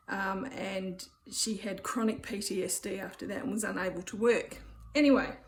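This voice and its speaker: A woman's voice: on the high side, a little mellow. A woman in her fifties with an Australian accent tells a story in a casual, chatty vlog, rambling with many "um"s and "anyway"s. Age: 50s. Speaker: vlogger.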